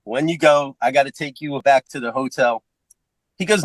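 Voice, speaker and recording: A man with a Philadelphia accent telling a comedic story on a podcast, profane and animated, acting out the voices of other people. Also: medium pitch, moderate pace, no room sound, poor audio.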